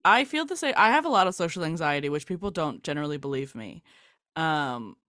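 A woman's voice: deep voice, big pitch swings, brisk, fairly bright tone, dry recording, clean studio sound. A young woman hosting a podcast in casual chat, laughing often and swearing freely as she tells stories. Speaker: podcast host.

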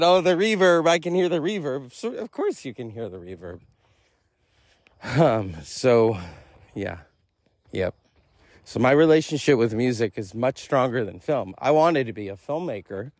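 Rambling man podcasting alone, dry sound. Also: no echo. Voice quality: rambling, laughs between thoughts. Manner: animated, jumps high to act out quotes. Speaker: podcast host and teacher. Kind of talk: casual solo monologue.

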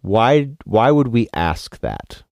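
A man's voice: medium pitch, sing-song, slow, vocal fry, darkish tone, no echo, clean studio sound. A man co-hosting a podcast, probing the meaning of a worship song with questions and thinking aloud. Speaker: podcast co-host. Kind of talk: conversational theological discussion.

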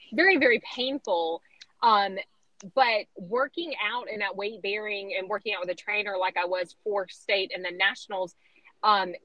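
Bright, animated woman storyteller. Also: medium pitch, dry recording, poor audio. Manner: animated storyteller, acts out quoted voices. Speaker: interview guest, pageant titleholder. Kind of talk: storytelling in a podcast interview.

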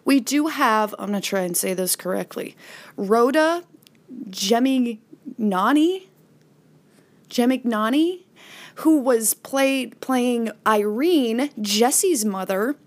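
A woman's voice: a little high, animated, takes it slowly, few pauses. A woman hosting a podcast, casually recapping an episode in a chatty way and briefly acting out quoted lines. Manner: chatty, retells scenes with brief acted-out quotes. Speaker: podcast host.

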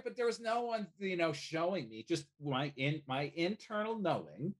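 A man talking as a life coach guest in a casual podcast conversation, animated and casually swearing. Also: sits high, moderate pace, hardly any pauses. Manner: animated, swears casually, acts out little quoted voices.

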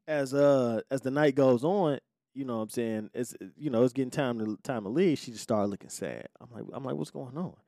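A man's voice: medium pitch, a little fast, warm tone, dry recording, clean studio sound. A man hosting a podcast, telling a personal story in casual talk, heavy on profanity and acting out what people said. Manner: profane, acts out quoted lines. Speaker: podcast host.

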